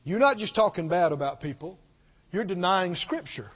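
Man, pastor, high voice, call-and-response sermon delivery, slightly muffled lo-fi recording. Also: expressive, normal speed. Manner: swings from shouted declarations to soft pleading; repetitive, call-and-response preaching.

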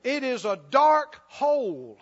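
Male preacher, high voice, emphatic and repetitive, long hall echo on a muffled recording. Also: big pitch swings, takes it slowly. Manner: emphatic, repetitive, laughs often. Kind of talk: sermon.

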